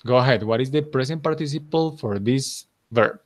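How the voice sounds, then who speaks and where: A male English teacher with a Colombian accent, speaking at a mid pitch. He is patient and encouraging, and walks students through corrections step by step. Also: moderate pace, a little hiss or hum. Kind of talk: online class teaching.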